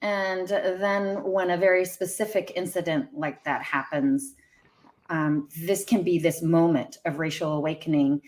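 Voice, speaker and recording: A woman's voice: on the low side, fairly even intonation, a little slow, a little mellow. A woman hosting a live online interview, asking reflective, curious questions. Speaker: host.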